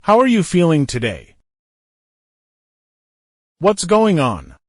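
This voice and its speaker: A man reads short everyday phrases for language learners, and his fairly high voice moves up and down a lot as he goes. He gives each phrase once on its own, then again inside a fuller sentence, in a very dry, close recording. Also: big pitch swings, slow pace, no echo. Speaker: English teacher. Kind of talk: reading example phrases for learners.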